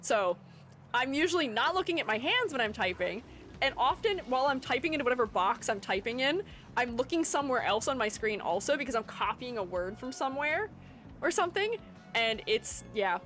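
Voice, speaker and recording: A woman's voice: on the high side, very animated, a little fast, a bit bright, slight background noise. A woman streamer chatting casually while gaming, giggling often and reading her chat aloud to answer it. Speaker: streamer and artist.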